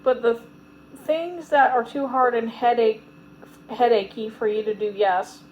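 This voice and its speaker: A woman reading aloud voices a weary young bride-to-be sister speaking in a hush. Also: fairly high pitch, steady tone, unhurried, narrow, tinny audio, a little hiss or hum, natural voice. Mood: apologetic. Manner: hushed, weary.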